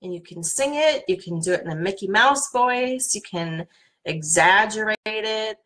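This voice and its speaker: A middle-aged woman coach leading a guided tapping workshop in a calm, soothing manner. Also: mid-range voice, unhurried, low-quality recording. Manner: calm, soothing guidance with playful repeated names.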